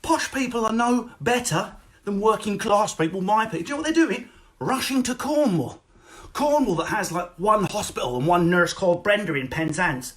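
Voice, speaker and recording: A man doing a live stand-up set streamed online, ranting loudly and swearing, then dropping to mutters. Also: high voice, animated. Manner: loud, sweary, rapid comic rant with sudden drops to mutters. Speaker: stand-up comedian. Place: at home, no audience.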